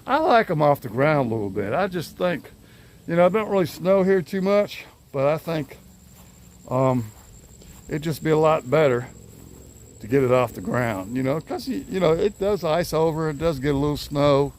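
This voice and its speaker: A man's voice: a little high, expressive, normal speed, a little mellow, slight background noise. An older man, vlogging casually to his phone camera outdoors in his yard. He rambles in an easygoing way and chuckles often. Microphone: handheld phone camera.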